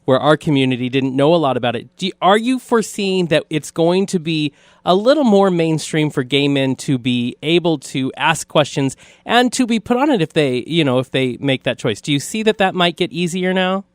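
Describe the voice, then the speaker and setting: Host guy asking long questions, dry sound, kinda high voice. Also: animated, moderate pace, few pauses, no room sound. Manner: affirming, asks long questions. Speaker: podcast host. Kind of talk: interview.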